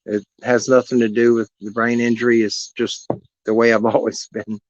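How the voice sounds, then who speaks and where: A man's voice: mid-range voice, little pitch movement, normal speed. A man, telling a heartfelt personal story in a rambling, earnest way to viewers on his live stream. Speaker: animal rescue host on a live stream. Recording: dull lo-fi live stream audio.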